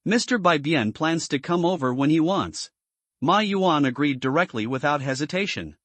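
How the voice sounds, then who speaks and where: A man reading a translated comic story aloud as a recap narrator, in a steady, even manner. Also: a little high, moderate pace, dry recording.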